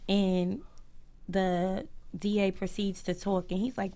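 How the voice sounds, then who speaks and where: A woman's voice: medium pitch, flat delivery, slow pace, noisy background. A woman, a guest earnestly telling a personal story on a live talk stream and acting out what others said. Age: 30s.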